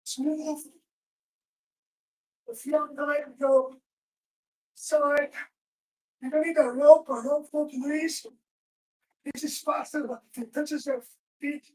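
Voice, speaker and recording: A woman's voice: high-pitched, fairly even intonation, takes it slowly, pauses often, darkish tone. A woman teaching self-defense in a live class, giving short commands while she demonstrates moves. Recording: roomy echo from far off.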